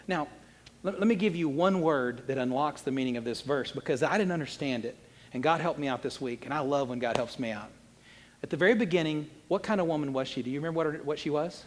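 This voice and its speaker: A man preaching a sermon as a pastor, animated, swinging between loud emphasis and quiet asides. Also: a little high, quick pace, long reverb tail. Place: church sanctuary.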